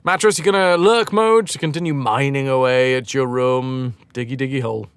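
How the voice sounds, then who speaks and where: A man's voice: medium pitch, moderate pace, clear, resonant tone, dry recording. A man live-streaming a game, chatting casually with viewers in a rambling, self-mocking way and swearing freely.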